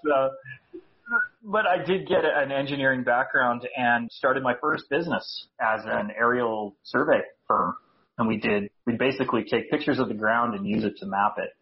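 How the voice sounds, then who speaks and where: A Canadian man chats as a podcast guest, relaxed and self-deprecating, often breaking into a laugh. His voice sits in an ordinary middle range. The recording is a bit dull and lo-fi. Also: medium pitch, moderate pace. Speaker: guest, speaker coach. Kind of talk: casual podcast interview.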